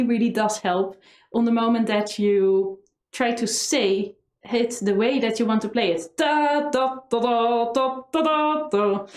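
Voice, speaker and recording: In an echoey room where a violin sounds faintly, a woman with a Dutch accent teaches violin with energy, vocalizing melodies on syllables. Her voice is on the high side and darkish.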